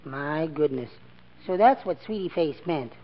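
A man's voice: on the high side, lively intonation, unhurried. A meek, mousy henpecked little man. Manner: gentle, prim and apologetic. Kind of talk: 1940s radio sitcom acting. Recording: dull lo-fi 1940s radio broadcast with faint hiss.

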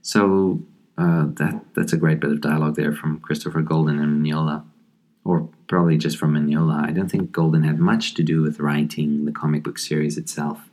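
A man hosting a podcast, talking casually about a horror comic in a thoughtful, halting way with frequent ums and restarts. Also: very deep voice, flat delivery, darkish tone. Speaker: podcast host.

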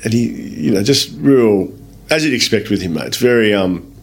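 A man with an Australian accent, a guest telling lively anecdotes in a casual interview, swearing freely and acting out other people's lines. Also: fairly low pitch, moderate pace. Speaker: guest, business owner. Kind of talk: casual storytelling in a podcast interview.

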